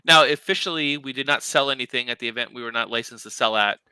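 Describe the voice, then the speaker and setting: A young man chatting on a livestream with a very bright, crisp voice. He rambles excitedly, full of fillers and false starts, into a dry close webcam mic. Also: medium pitch, fast, no echo, poor audio. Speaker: livestream co-host, crystal maker. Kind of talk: casual livestream chat.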